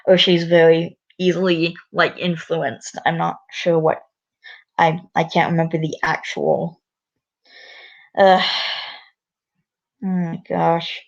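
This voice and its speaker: A woman's voice: on the low side, level tone, slow pace, vocal fry, pauses often, muffled recording. A young woman chatting casually with a strong opinion, with fillers and restarts. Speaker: channel host reading episodes aloud. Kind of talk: casual reading and commentary.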